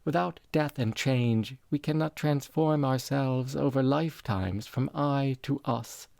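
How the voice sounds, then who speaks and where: A man's voice: medium pitch, measured pace, vocal fry, dry recording. A man voicing a frail, serene dying mother. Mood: musing. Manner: soft, tender, reflective.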